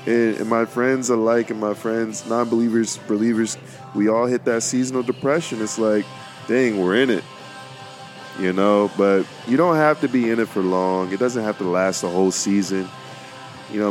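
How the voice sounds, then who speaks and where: A young man talking casually about faith and his life as a podcast host, rambling and repeating words, with plenty of informal slang. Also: on the low side. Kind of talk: casual faith-based monologue.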